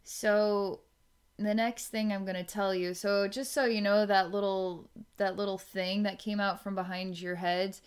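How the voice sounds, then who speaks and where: A woman psychic giving an energy reading, musing aloud in a halting way and restarting her sentences as she goes. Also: mid-range voice, flat delivery, clean tone. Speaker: psychic reader.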